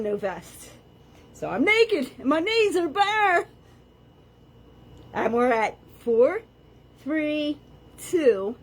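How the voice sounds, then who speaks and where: A woman's voice: on the high side, darkish tone, slight background noise. A woman leading a live floor workout at home, chatting and joking about herself as she talks viewers through planks and stretches and counts the reps aloud. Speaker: fitness instructor. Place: indoors at home, on a floor mat. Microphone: camera on the floor.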